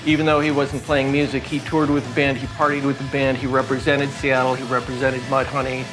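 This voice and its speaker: A man's voice: mid-range voice, little pitch movement, fairly quick, over music. Man giving a matter-of-fact account. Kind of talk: documentary interview.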